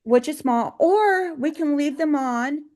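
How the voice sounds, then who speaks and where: A woman's voice: high voice, lively intonation, measured pace, darkish tone. A woman who runs a cleaning business, co-hosting a casual podcast and telling stories from work in a chatty way, with many restarts. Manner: chatty storytelling with frequent restarts and laughs. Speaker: cleaning business owner, co-host.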